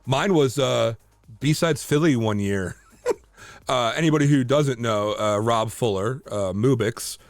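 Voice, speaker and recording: A man co-hosting a casual podcast chat, telling lively stories full of fillers and restarts. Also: medium pitch, no echo. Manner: animated storyteller, many fillers and restarts. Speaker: podcast co-host.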